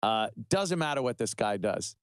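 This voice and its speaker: A man's voice: medium pitch, big pitch swings, normal speed, smooth, no echo, clean studio sound. A middle-aged man hosting a web show, delivering sarcastic, mocking political commentary with heavy emphasis.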